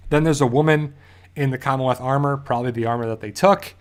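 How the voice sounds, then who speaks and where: A man's voice: medium pitch, fairly even intonation, fast talker. Man rambling through a show recap. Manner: rambling, self-correcting, loosely paraphrases scenes. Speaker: TV show reviewer. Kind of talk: casual episode recap.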